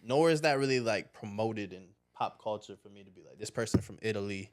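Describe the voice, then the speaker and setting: A man from Chicago with a Chicago accent, hosting a casual podcast chat in a blunt, profane, animated way. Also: fairly low pitch, brisk. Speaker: podcast host.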